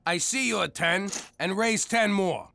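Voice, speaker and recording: A man's voice: sits high, unhurried, creaky, pushed and bright, a little hiss or hum, heavily acted. A man voicing a blunt, wisecracking male card player in an adult cartoon. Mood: smug.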